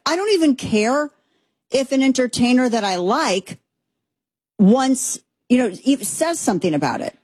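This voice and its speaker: A woman in her thirties or forties hosting a commentary show, talking in an animated, sarcastic and rambling way with many restarts. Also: high voice, unhurried, husky, no echo. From Texas, USA. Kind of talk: opinionated monologue commentary.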